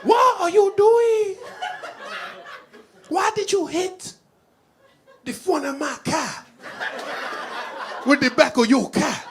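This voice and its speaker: Man doing a shrill Haitian woman yelling at a driver. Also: takes it slowly, pauses often, heavily acted. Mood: furious. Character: furious middle-aged woman driver, pushy. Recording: comedy club with a laughing crowd.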